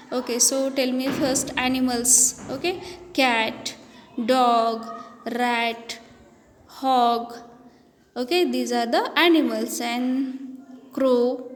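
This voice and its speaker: A woman teaching a children's lesson, spelling each word letter by letter before saying it. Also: high-pitched. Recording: echoey room with long reverb, faint background noise.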